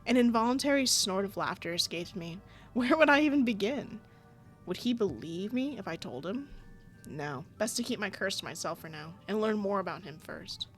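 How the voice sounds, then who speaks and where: Woman reading a story game out loud, laughs at herself a lot, average pitch. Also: expressive, moderate pace, soft background music. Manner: giggly, self-deprecating asides. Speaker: game streamer. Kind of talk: reading a visual novel aloud with commentary.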